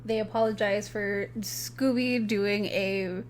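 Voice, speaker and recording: A woman's voice: mid-range voice, steady tone, slow. A young woman co-hosting a podcast, chatting casually about a movie and peppering her speech with "like". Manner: easygoing, heavy use of "like". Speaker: podcast co-host. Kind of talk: casual chat recapping a movie.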